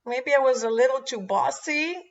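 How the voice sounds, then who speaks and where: A woman voicing a bossy little preschool girl who gives orders in a high, commanding child voice, on a dull lo-fi recording. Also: normal speed, recorded from a distance. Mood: subdued. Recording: dull lo-fi sound.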